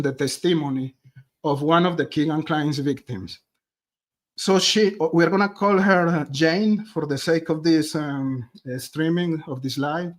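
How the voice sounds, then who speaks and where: Chatty man. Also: on the high side. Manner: chatty, addresses viewers directly as "guys". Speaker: true crime streamer. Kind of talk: live-stream commentary.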